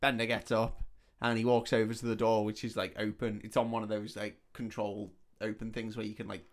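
A man's voice: on the low side, monotone, brisk. A man co-hosting a podcast, retelling a film scene by scene in casual chat, swearing, laughing and acting out the characters' lines. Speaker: podcast co-host.

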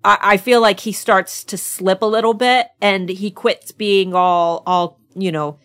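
A woman's voice: mid-range voice, steady tone, unhurried, fairly bright tone. An American woman co-hosting a casual book podcast, teasing her co-host and giggling. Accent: American English. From United States. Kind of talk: casual chat.

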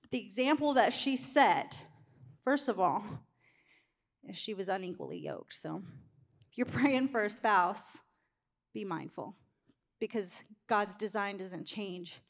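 A middle-aged woman preaching a sermon, telling a candid personal story in an animated way. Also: medium pitch, measured pace, gravelly, long pauses.

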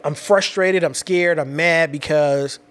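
Man with kids, casual personal storyteller, lively street slang, slightly higher pitch. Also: a little slow, smooth. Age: adult with children. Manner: animated, slangy, repeats himself and restarts.

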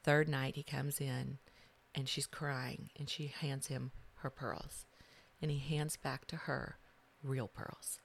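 A middle-aged woman with a notably low voice tells her story as a podcast guest. She swings between loud bursts and hushed passages. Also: level tone, slow, gravelly, a little hiss or hum. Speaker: guest, author.

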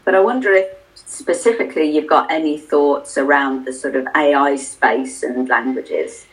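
A podcast co-host with a mid-pitched voice who winds slowly toward a question. The talk is meandering and self-deprecating, with many restarts. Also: rough recording. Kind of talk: casual conversation.

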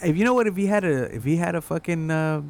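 Man, casual chat, relaxed, swears often, trails off. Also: a little high, quick pace, gravelly.

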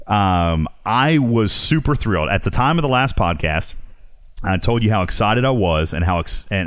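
Excitable low-voiced man hosting a podcast. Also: dry recording. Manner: excitable, laughs often and restarts a lot. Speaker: podcast host. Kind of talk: casual chat about a mobile game.

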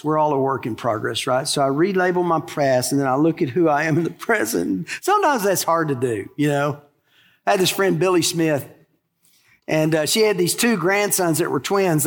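Male pastor, higher voice, emphatic sermon delivery that repeats its key lines; recorded with a long, echoing hall tail. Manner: earnest, emphatic preaching with repetition.

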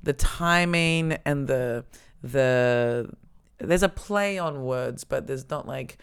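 A man's voice: mid-range voice, slow pace, vocal fry, fairly bright tone, clean tone. A man hosting a casual chat, asking teasing, playful questions.

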